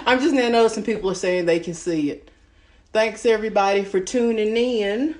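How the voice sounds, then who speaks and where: A woman's voice: mid-range voice, moderate pace, darkish tone, a little hiss or hum. A woman hosting a home cooking livestream from her kitchen, chatting in a folksy way and calling her listeners honey. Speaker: home cooking show host. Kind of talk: casual livestream chat.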